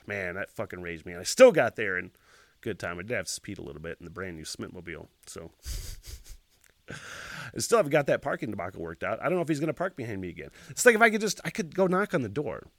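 A man hosting a solo podcast, telling a rambling story with lots of swearing, laughing as he talks and shouting sound effects. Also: lowish voice, big pitch swings, fairly quick, creaky, no room sound. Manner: laughs while talking. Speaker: podcast host.

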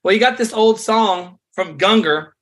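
A man, a songwriter and worship leader, explaining songwriting craft in an energetic, conversational way. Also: high-pitched, measured pace. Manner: energetic, conversational teaching with frequent fillers.

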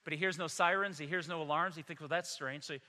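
A man's voice: fairly high pitch, fairly even intonation, fast, bright, forceful tone, in a large hall. A man pastor delivering a Christmas Sunday sermon in a church, emphatic and telling humorous stories. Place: church sanctuary.

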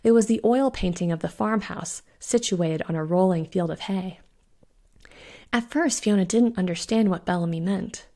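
A woman who hosts a podcast, narrating her own spooky short story in a measured, suspenseful way. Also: mid-range voice, warm tone. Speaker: podcast host and author reading her story. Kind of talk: audiobook narration.

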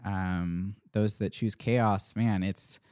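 A man's voice: on the low side, fairly even intonation, takes it slowly, darkish tone, clear, resonant tone, no echo, studio quality. A man hosting a church podcast, talking in a casual, musing way with lots of fillers and restarts. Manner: thoughtful, rambling, many fillers and restarts. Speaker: pastor, podcast host. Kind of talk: casual chat.

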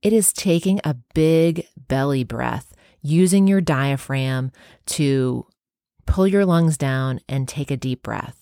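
Woman, health worker, casual explanatory vlog talk, low voice. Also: slow pace, warm tone, no room sound, studio quality. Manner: chatty, explanatory.

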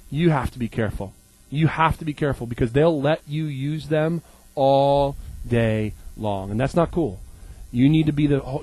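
A man in his thirties preaching a humorous sermon, animated and joking as he acts out little scenes. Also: mid-range voice, dry recording, low-quality recording. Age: 30s.

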